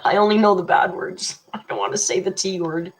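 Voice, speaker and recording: A woman's voice: mid-range voice, fairly even intonation, brisk, gravelly. A woman hosting a casual livestream. She reads out viewers' super chats and rambles chattily, teasing and laughing often. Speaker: livestream host. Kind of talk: casual live chat reading super chats.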